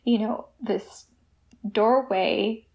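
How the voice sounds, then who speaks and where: A woman telling her personal recovery story as a podcast guest, emotional and halting, with restarts. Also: mid-range voice, vocal fry, darkish tone, dull audio.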